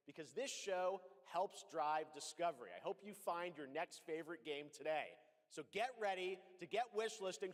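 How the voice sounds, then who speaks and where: A man's voice: high voice, big-room sound. A man hosting a game showcase, talking emphatically and upbeat, speaking straight to players. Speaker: showcase host. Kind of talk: scripted stage presentation.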